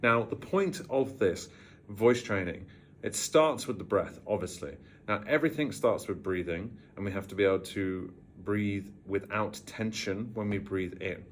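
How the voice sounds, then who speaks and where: He is a voice coach from Worcestershire, England, in his thirties, and in this talking-head lesson he lays out vocal technique precisely and deliberately. His accent is trained neutral British; his voice runs on the low side with a tired edge and slight fry, over a little hiss or hum.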